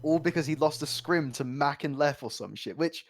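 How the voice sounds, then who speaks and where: A man's voice: a little high, normal speed, crowd noise. A man co-hosting a comedic livestream awards show, ranting crudely with lots of swearing. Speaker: co-host.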